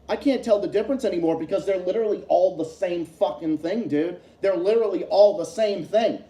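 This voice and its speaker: A man's voice: high-pitched, dark tone, roomy sound. A man hosting a livestream, ranting heatedly about politics with lots of profanity and repetition. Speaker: livestream host.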